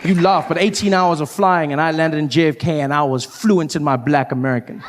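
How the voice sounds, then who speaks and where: A man from South Africa with a South African accent, performing stand-up comedy with animated storytelling that slips into character voices. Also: a little high, a little fast, slight background noise. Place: live comedy venue with audience.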